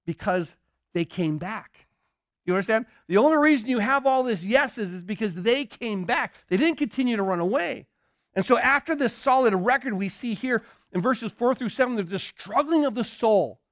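A man's voice: high-pitched, a bit bright, no room sound, studio quality. A male pastor preaching a sermon, firing questions and answering them himself, repeating key phrases. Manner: emphatic call-and-response questioning, repeats himself.

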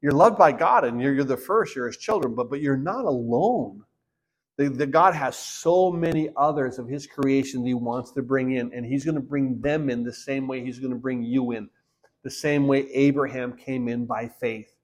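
A man preaching a sermon, reading Bible verses aloud and explaining them, growing louder on key verses and dropping low to close a point. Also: moderate pace. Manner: reads scripture aloud then explains it, with fillers and repeats. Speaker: pastor.

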